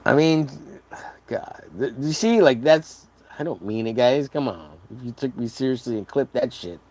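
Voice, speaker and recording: A man's voice: medium pitch, animated, normal speed, darkish tone. A man chatting casually on a livestream while drawing, rambling and joking with lots of swearing. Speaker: artist streaming a drawing session.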